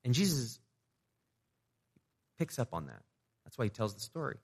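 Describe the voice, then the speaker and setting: A man's voice: medium pitch, sing-song, normal speed, darkish tone, slightly rough, in a large hall. A man preaching a sermon as a pastor, talking conversationally, asking the audience rhetorical questions and repeating words as he restarts.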